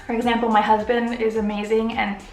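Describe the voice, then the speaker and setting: A woman's voice: a little high, flat delivery, fairly quick, echoey room, faint music behind. A woman YouTuber answering viewer questions in a casual, earnest way, getting emotional as she talks. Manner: open, earnest, gets emotional. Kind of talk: casual Q and A vlog.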